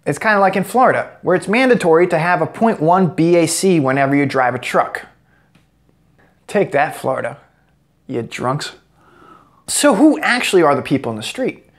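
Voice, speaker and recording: A man's voice: high voice, animated, fast. An American man giving a sarcastic, joke-filled commentary vlog as a political commentator. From United States. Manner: sarcastic, joking asides.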